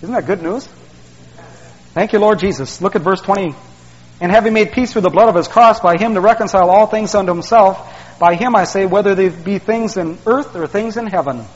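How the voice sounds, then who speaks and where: A man's voice: high-pitched, a little fast. A male preacher, delivering a folksy sermon that he peppers with "man" and "see". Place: church sanctuary. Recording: dull sound, long hall reverb.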